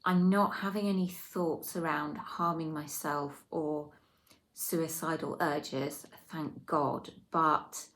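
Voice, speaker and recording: A woman with a low voice talks in a personal video diary. She sounds tired and subdued, and her speech is hesitant and halting, with frequent pauses and restarts. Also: steady tone, fairly bright tone. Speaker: video diarist.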